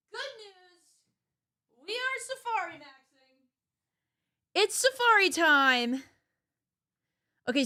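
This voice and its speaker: A woman's voice: high voice, sharp tone, dry recording, studio quality. A woman chatting casually on a live stream, playful and giggly, laughing often, her voice cracking. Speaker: livestreamer.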